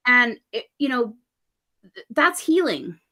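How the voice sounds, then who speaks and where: A woman telling stories in a relaxed podcast conversation, acting out what people said and laughing often. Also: on the high side, takes it slowly. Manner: animated, acts out quoted dialogue, laughs often. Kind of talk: casual conversational storytelling.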